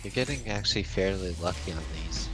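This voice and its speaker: A man's voice: sits low, over music. A man with an American accent chatting in an easygoing way with a co-host. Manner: slow, easygoing, laughs along. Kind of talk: casual chat.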